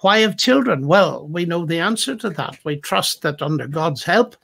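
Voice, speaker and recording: A man's voice: a little high, expressive, moderate pace, vocal fry, a bit bright, slightly rough. Reflective man retelling stories in discussion. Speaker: Christian apologist in a discussion. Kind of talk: thoughtful conversational discussion.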